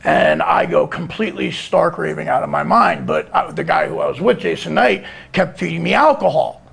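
Gravelly, animated storyteller man. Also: a little high, moderate pace. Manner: rambling, animated, profane, breaks into shouts. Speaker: guest storyteller. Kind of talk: casual storytelling.

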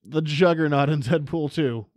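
A man's voice: on the high side, moderate pace, a little mellow, no room sound, clean studio sound. A man co-hosting a pop culture podcast in casual chat, joking and sarcastic, laughing often. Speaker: podcast co-host.

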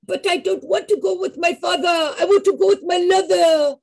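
A woman's voice: high voice, expressive, moderate pace, vocal fry, mellow, breathy edge, full character voice. Older woman playing a sweet, eager young Parisian woman. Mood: pleading.

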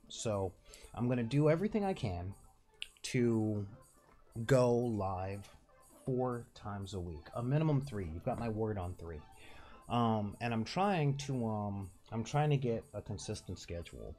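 Rambling casually with laughs and restarts, a Southern California man hosts his own channel in direct-to-camera talk. His nasal voice is fairly low and a little mellow.

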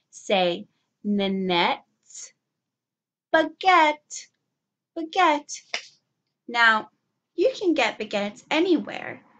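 A young woman teaching young children, speaking clearly and prompting them to repeat words after her. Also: on the high side, a bit bright. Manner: enunciates slowly, prompting kids to repeat.

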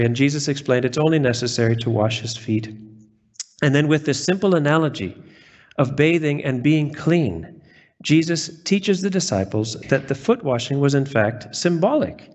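A man preaching a sermon as pastor, reading scripture aloud and stressing quoted words earnestly. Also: fairly high pitch.

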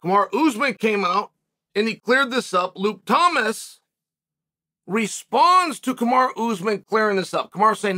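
A man's voice: high voice, animated, moderate pace, sharp tone. A man hosting an opinionated commentary monologue, speaking in an emphatic, argumentative way with sarcastic asides. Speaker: host.

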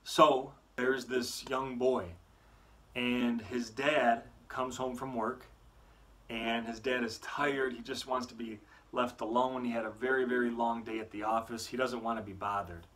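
Youth speaker guy, animated story telling, earnest, faith talk for school kids. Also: medium pitch, unhurried. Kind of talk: weekly faith talk to students.

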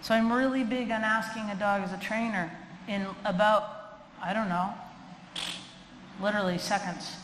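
A woman's voice: mid-range voice, moderate pace, pauses often. A middle-aged woman, a dog trainer, giving a lecture with funny stories and acting out quoted voices. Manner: animated, chatty, acts out quoted voices. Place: lecture hall. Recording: echoey hall with faint noise.

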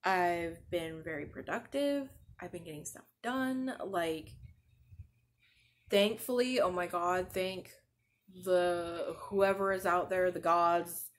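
A woman in her thirties speaks slowly in a lowish voice while hosting a podcast. Worn out from new motherhood, she rambles in casual chat and keeps saying "like."

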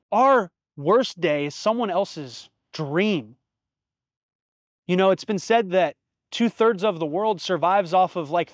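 A man in his thirties speaks in a fairly high voice as host of his own podcast. He tells stories and reflects earnestly and from the heart, dropping casual swear words. The sound is dry and close, with no room echo. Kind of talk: reflective solo podcast monologue.

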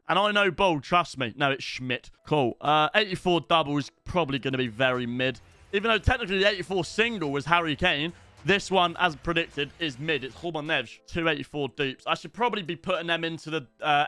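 Young British male streamer, excitable banter; bright, crisp voice. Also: fairly high pitch, no echo. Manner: excitable banter, bursts of shouting at goals. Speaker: gaming streamer. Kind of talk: live gaming commentary.

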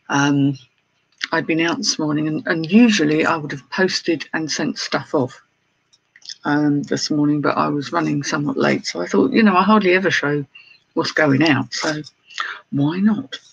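A man's voice: on the high side, a little slow, creaky, a bit bright, slightly rough, no room sound. A British man chatting casually as an online reseller, showing his sales and greeting viewers in a self-deprecating way. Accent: British English. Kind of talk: casual vlog chat. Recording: slightly dull lo-fi sound with faint noise.

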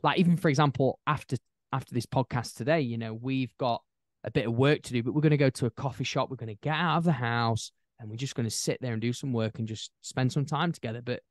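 Brief: young man, podcast guest, animated rambling storyteller, dry close mic. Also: mid-range voice, quick pace, no room sound. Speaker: podcast guest, new dad. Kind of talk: casual chat.

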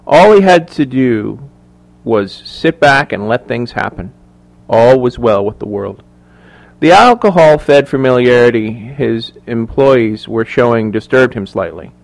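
A man reading a thriller audiobook aloud in a measured, even storytelling voice. His pitch sits in the middle range and his delivery stays steady. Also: creaky. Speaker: audiobook narrator. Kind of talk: scripted narration.

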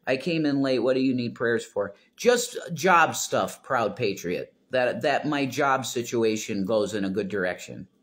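A man's voice: medium pitch, expressive, unhurried, hardly any pauses, a bit bright. A man hosting a casual home livestream, reading chat comments aloud, rambling and swearing bluntly.

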